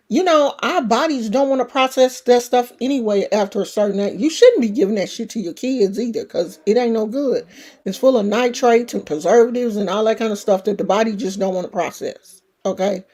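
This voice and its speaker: A woman's voice: a little high, mellow. A woman in her sixties chatting frankly and casually as a vlogger, swearing freely and speaking in an earthy way. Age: 60s. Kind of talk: casual to-camera chat.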